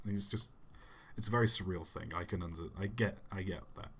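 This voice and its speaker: Soft-spoken young man, low voice. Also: fairly even intonation, fast, husky. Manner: soft-spoken, rambling, self-deprecating. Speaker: YouTube channel host. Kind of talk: casual livestream Q&A while gaming.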